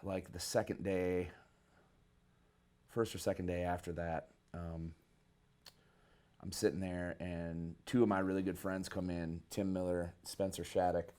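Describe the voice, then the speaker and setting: A man from Michigan, a guest musician, telling a story casually in an interview, animated and loose with slang. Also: low-pitched, unhurried, pauses often. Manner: animated, acts out quoted people with a raised voice, casual slang. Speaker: guest musician, bass player.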